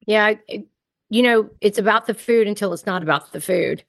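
A woman's voice: mid-range voice, normal speed, gravelly, dry recording. A woman hosting a podcast interview, candid and empathetic, relating her own experiences to her guest. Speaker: podcast host. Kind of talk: interview conversation.

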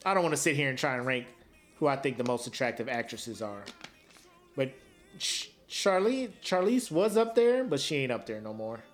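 Animated, slangy podcast co-host man. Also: mid-range voice, moderate pace. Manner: animated, laughs often, slangy. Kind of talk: casual podcast banter.

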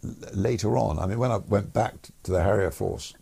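A man's voice: lowish voice, brisk, gravelly, warm tone, husky. An older man, a former air force pilot, telling stories in an interview in a rambling, hesitant way. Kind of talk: anecdotal storytelling in a podcast interview.

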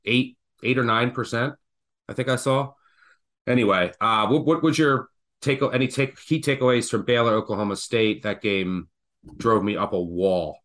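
Betting podcast host guy, jokey and animated, mid-pitch voice. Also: normal speed. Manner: animated, joking storyteller. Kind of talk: casual sports betting chat.

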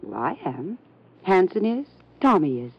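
A cool, mocking young woman in an old radio drama, with a dry, deadpan delivery. Her voice is very low for a woman. The sound is dull, like an old radio recording. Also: unhurried, slightly rough, dry recording, exaggerated voice. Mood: sardonic. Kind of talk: 1950s radio drama acting.

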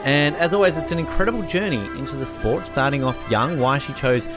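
A man's voice: a little high, a little fast, music in the background. An Australian man hosting a podcast interview, talking in an upbeat, enthusiastic and chatty way. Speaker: podcast host.

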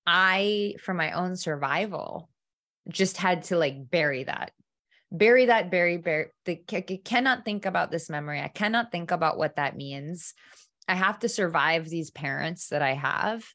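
A woman with a slightly low voice tells a personal story as an interview guest. She is animated and vivid, slipping into lively quoted asides as she goes. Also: normal speed.

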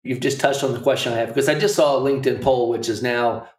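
A man's voice: medium pitch, fairly even intonation, fast talker. Man asking questions from a roomy distance. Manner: rambling, self-interrupting questions. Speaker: podcast host. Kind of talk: conversational interview.

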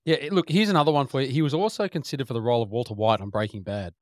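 A man co-hosting a movie podcast, briskly reading out trivia about actors. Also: mid-range voice, no echo, studio quality. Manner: brisk, reads out facts. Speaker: podcast co-host presenting trivia. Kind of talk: casual movie podcast chat.

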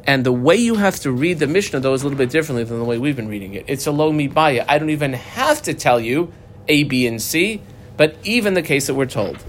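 A man's voice: medium pitch, animated, a little hiss or hum. A man teaching a daily Talmud class, reading Aramaic phrases and explaining them in English. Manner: explains Aramaic text line by line in English, fast with fillers.

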